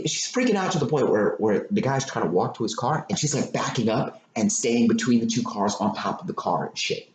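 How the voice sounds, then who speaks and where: A man hosting a podcast, animatedly retelling a story in casual chat, swearing and repeating himself. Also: mid-range voice. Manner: animated, profane, repetitive retelling. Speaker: podcast host. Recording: echoey room with faint noise.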